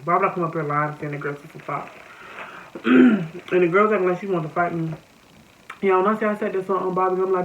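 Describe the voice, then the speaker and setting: A woman's voice: on the low side, brisk, pauses often. Young Southern American woman telling a story. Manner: animated, addresses viewers as y'all. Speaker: vlogger. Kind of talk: casual storytime chat. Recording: slightly muffled with faint noise.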